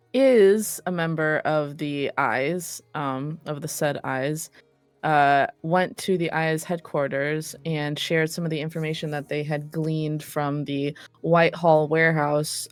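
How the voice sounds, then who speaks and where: A woman's voice: deep voice, smooth, dry recording. A woman running a tabletop role-play game, recapping the last session casually with many ums and self-corrections. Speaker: game master.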